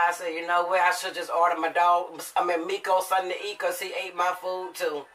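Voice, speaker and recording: A woman, a mother, telling family stories to viewers in a casual, animated way and acting out the quotes with feeling. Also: on the low side, quick pace, few pauses, distant mic, rough recording.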